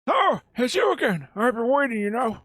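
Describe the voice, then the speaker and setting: A man voicing a grumbling old man who waits in a cafe, with a gruff, impatient manner. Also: extremely high pitch, very animated, normal speed, fairly bright tone, no echo, clean studio sound, full character voice.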